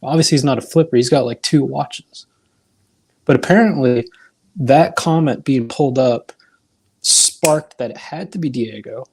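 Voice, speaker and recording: A man's voice: mid-range voice, normal speed, darkish tone, breathy edge. Exasperated man defending himself. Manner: defensive, exasperated, swears when pressed. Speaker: watch community member. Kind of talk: heated live-stream argument.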